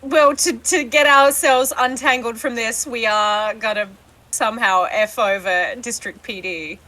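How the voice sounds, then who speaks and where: A woman's voice: a little high, steady tone, a little slow, sharp tone, slight background noise, low-quality recording. A woman playing a tabletop game, chatting casually with a wry tone. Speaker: player.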